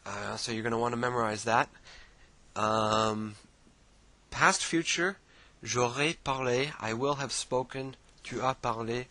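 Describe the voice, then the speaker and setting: Relaxed male tutor with a bright tone and a mid-range voice, talking through a screen share with loose fillers. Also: mid-range voice, unhurried, low-quality recording. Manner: casual, relaxed teaching with many fillers and restarts. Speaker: language teacher.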